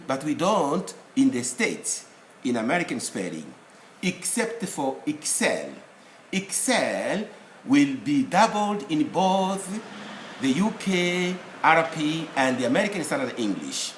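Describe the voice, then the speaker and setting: A man giving a recorded lesson as a teacher, explaining rules step by step and spelling out the letters of his examples. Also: fairly high pitch. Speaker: English teacher. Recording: echoey room with faint noise.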